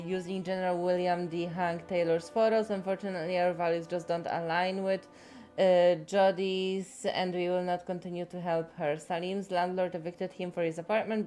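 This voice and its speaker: A woman streamer talks in a slightly low voice, rambling through her thoughts and swearing without a filter. Soft music plays faintly behind her. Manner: rambling and blunt, swears freely. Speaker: game streamer. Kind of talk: casual chat.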